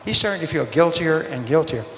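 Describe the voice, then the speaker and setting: A man's voice: fairly high pitch, lively intonation, a little fast, fairly bright tone, a little hiss or hum. A man giving a motivational sales seminar talk, telling stories and acting out bits of dialogue in quoted voices. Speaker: sales speaker. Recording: roomy hall reverb, faint ambience.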